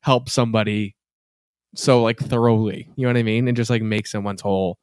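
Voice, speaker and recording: A man's voice: fairly low pitch, steady tone, brisk, clean tone, dry recording, clean studio sound. A man hosting a podcast, responding to his guest in an affirming, reflective way. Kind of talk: casual chat.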